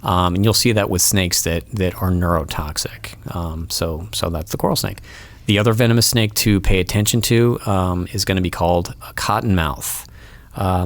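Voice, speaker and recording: A man's voice: low voice, dry recording. A man, a wildlife removal expert, explaining pests to hosts in a casual studio interview, patient and full of ums and restarts. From Florida. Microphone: studio mic.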